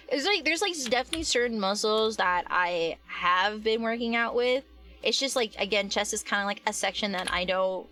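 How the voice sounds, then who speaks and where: A woman's voice: medium pitch, fairly bright tone. A young adult woman chatting casually on a live stream while she works, rambling with lots of fillers and restarts and answering her chat.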